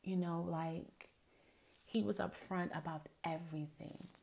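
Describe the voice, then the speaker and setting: A middle-aged woman with a low voice and gravelly fry hosts her own show. She chats casually and tells stories to her listeners, often turning to talk to them directly. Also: fairly even intonation, a little slow, darkish tone. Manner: chatty, storytelling, frequent asides to listeners. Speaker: podcast host. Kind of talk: casual solo podcast monologue.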